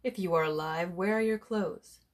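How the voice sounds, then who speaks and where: A woman's voice: on the low side, normal speed, close to an everyday voice. An authoritative village priest from a folk tale, solemn and lecturing, as a woman reading the story puts him on. He sermonizes with firm rebukes. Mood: stern.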